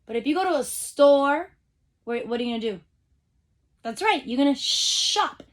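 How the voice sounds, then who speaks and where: A woman teacher giving a phonics lesson to young children over a video call, sounding out letters slowly and cheering them on. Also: high voice, animated. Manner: upbeat, encouraging, speaks straight to the kids.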